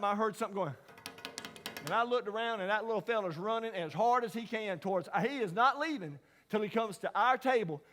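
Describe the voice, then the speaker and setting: A middle-aged chapel speaker preaches through a story, folksy and dramatic, moving from whispered asides to loud, almost shouted emphasis. His voice sits fairly high for a man, and the big hall adds a long reverb.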